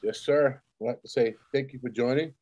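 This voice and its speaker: A man's voice: mid-range voice, brisk, darkish tone, muffled recording. A man co-hosting a podcast, joking around in casual banter and swearing freely. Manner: profane, joking, laughs often. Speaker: podcast co-host.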